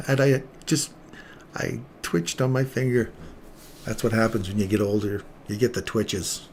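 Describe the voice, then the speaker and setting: A middle-aged man giving excitable, self-mocking live commentary on his own trades as he makes them. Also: lowish voice, measured pace, slight background noise.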